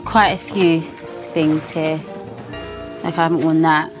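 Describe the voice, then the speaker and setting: A woman's voice: low voice, steady tone, a little slow, music in the background. A British woman answering questions in a documentary, talking casually and hesitantly with many fillers. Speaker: interviewee. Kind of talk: candid documentary interview.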